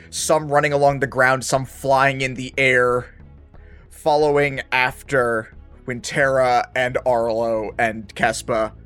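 A man's voice: mid-range voice, a bit bright. A man running a tabletop role-playing game as game master, narrating the scene vividly and playfully.

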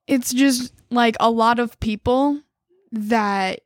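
A young woman co-hosting a casual podcast, tired with a low morning voice, laid-back and full of "like". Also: slow, dry recording, clean studio sound. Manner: laid-back, short replies, filler "like". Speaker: podcast co-host.

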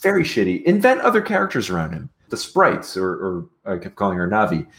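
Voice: deep voice, huge pitch swings, a little fast, fairly bright tone. A podcast co-host ranting in exasperation, swearing heavily. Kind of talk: casual podcast chat.

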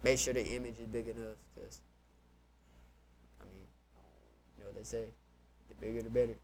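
A young man hosting a podcast, joking around in relaxed, slangy casual talk. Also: on the low side, normal speed, creaky, a crowd in the background. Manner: laid-back, joking, slangy. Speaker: podcast host. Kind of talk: casual banter.

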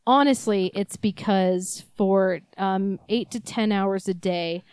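A woman's voice: medium pitch, slow, a little mellow, clean tone, dry recording. A young woman co-hosting a podcast, rambling and swearing freely as she tells stories in casual chat. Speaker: podcast co-host.

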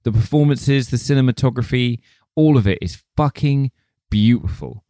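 A man's voice: mid-range voice, moderate pace, dark tone, dry recording, studio quality. A man co-hosting a film podcast, affectionate and sweary in casual banter. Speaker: podcast co-host. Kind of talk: casual chat.

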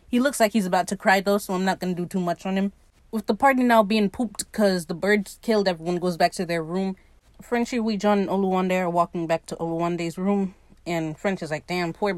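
A woman's voice: fairly low pitch, dry recording. A woman casually recapping a TV episode, swearing freely and briefly acting out the characters' lines. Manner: animated, swears freely, acts out quotes in quick voices. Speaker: recap podcaster.

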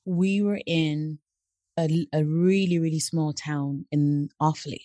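An unhurried, low-pitched woman's voice with no room sound: she's an interview guest in her late thirties, from Africa originally, recounting personal experiences conversationally. She brings them to life animatedly, imitating the people she talks about.

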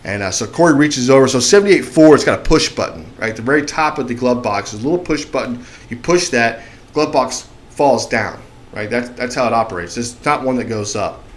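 A man with a medium-pitched voice tells a long story on a podcast at a brisk pace, speaking casually. He's animated, acting out the voices of the people in it, including their shouting.

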